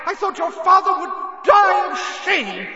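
A man voicing an enraged mother whose yells burst out of a magic letter in a shrill, screaming voice. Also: sing-song, measured pace, roomy sound, long reverb tail, highs cut off, heavily acted. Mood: furious shouting. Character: furious mother shrieking through a magic letter.

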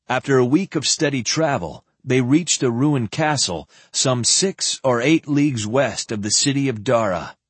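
Male audiobook narrator, husky, lively intonation, low pitch, dry recording. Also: no echo. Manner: expressive storytelling with voiced characters. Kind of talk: scripted fantasy narration.

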